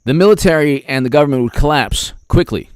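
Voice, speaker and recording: A man's voice: a little high, quick pace, darkish tone, clear, resonant tone, no echo, clean studio sound. A man giving political commentary on a vlog in a rambling, sarcastic way, often restarting his sentences.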